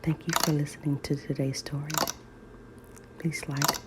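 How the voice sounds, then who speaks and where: A woman reading a children's story in soft ASMR whispers, over loud nail tapping clicks. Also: deep voice, little pitch movement, heavy background noise. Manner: soft, slow, soothing reading.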